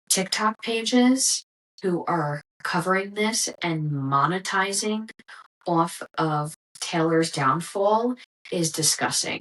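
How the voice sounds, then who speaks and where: A young woman hosts a podcast and rants in a loose, profane, exasperated monologue. Her voice sits a little low for a woman, and she talks casually with a lot of fillers. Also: low-quality recording. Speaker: podcast host.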